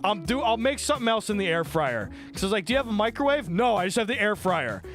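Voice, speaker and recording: A young man telling a story on a live stream, his voice high for a man and jumping all over. He swears freely and acts out what other people said. A faint bed of music sits under his talk. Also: very animated, quick pace, fairly bright tone.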